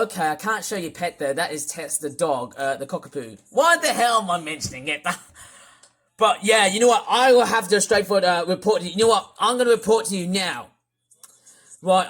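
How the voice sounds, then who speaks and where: Slow, bright ranting reaction voice. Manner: ranting, swings from loud shouting to low muttering; name-calling, repeats catchphrases. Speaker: YouTuber reacting to a live stream. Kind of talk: reaction commentary.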